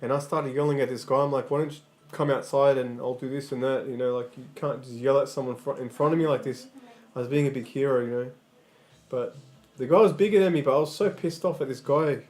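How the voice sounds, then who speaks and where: A man's voice: medium pitch, fairly even intonation, fast talker, darkish tone. A man livestreaming in casual chat, rambling and swearing, often stammering and restarting his sentences.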